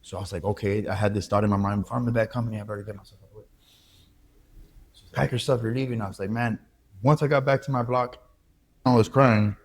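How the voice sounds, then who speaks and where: A man speaks as an interview guest. He tells his story candidly, halting now and then as he reflects. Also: lowish voice, fairly even intonation, slight background noise. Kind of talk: emotional personal interview.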